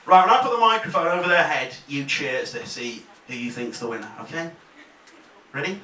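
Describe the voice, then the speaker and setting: A man from Leeds compering a live comedy night, bantering and laughing as he swings between mutters and shouts. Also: fairly high pitch, lively intonation, a little fast. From Leeds, England. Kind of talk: live stand-up crowd work. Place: comedy club stage. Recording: echoey club, distant mic, loud noise.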